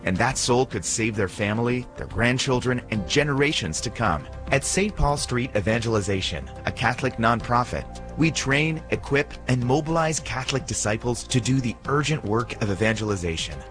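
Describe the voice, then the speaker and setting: A man's voice: mid-range voice, animated, moderate pace, a bit bright. Earnest male ad announcer over music. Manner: earnest, rhetorical questions. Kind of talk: scripted radio ad.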